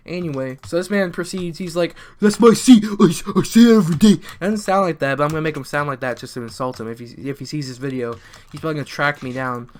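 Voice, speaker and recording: A man's voice: on the high side, fairly bright tone. A teenage boy from the American South, rambling through a joking storytime while gaming, full of restarts. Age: teens. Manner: rambling, joking, restarts a lot, mutters at the game. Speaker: YouTuber. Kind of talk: storytime commentary over gameplay.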